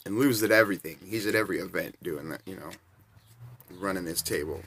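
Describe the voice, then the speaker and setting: A man in his forties spins loose, rambling anecdotes, chuckling between the beats. His voice sits low but has a bright, sharp edge. The delivery is casual and unpolished. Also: fast, a little hiss or hum. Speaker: storyteller.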